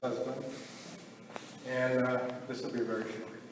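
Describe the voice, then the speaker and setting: Man, slow hesitant memorial tribute, far-off mic, echoey hall, audible room noise. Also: medium pitch, flat delivery. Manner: slow, hesitant, many pauses and uh's. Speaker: mourner giving a short tribute. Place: memorial gathering in a large hall. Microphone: distant camera.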